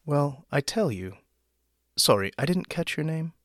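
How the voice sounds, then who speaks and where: A man's voice: a little high, big pitch swings, measured pace, fairly bright tone, no echo, studio quality, pitched above the performer's own voice. A man voicing an eager male door-to-door salesman of gods, with chirpy, ingratiating patter in a storybook reading.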